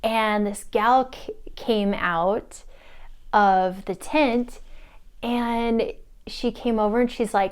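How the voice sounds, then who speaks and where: A woman's voice: fairly even intonation, measured pace, a little mellow, clean tone. A young woman, a spiritual mentor, casually telling a story to the camera and acting out the quoted lines with big jumps in her voice. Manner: chatty, acts out quotes with big pitch jumps and laughs.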